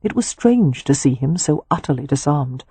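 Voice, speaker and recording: Husky, dark-voiced woman narrating. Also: sits low, no echo. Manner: measured, expressive reading. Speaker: audiobook narrator. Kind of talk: scripted narration of a romance novel.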